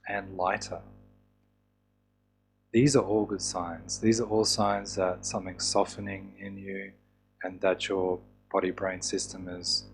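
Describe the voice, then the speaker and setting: Low-voiced man teaching, soft music behind. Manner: relaxed, with fillers and restarts. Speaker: EFT teacher. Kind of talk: casual teaching talk.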